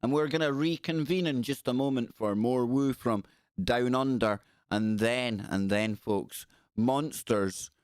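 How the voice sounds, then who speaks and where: A man's voice: medium pitch, unhurried, smooth, no room sound, studio quality. A Scottish man hosting a live call-in radio show, chatting loosely and reading news stories aloud with rambling asides. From Scotland.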